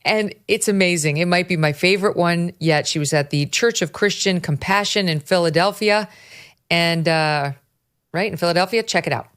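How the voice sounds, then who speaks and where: A woman hosting a political talk show, her voice sitting a little low for a woman. She talks in a chatty, blunt way and laughs often with mocking amusement. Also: normal speed, fairly bright tone, clean tone. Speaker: podcast host.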